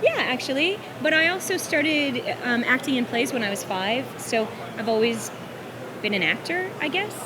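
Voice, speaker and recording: A voice actress answering interview questions at a comic convention, bubbly and gracious. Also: female voice, sits high, animated, normal speed, background noise. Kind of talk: casual interview.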